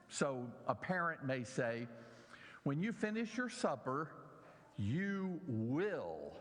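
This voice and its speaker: A man leads a Bible lesson in a church hall, speaking slowly and stressing each important word. His pitch sits a little high and swings widely as he explains and questions his listeners. A long reverb trails behind him in the room. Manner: slow, emphatic teaching with audience questions. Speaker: Bible teacher.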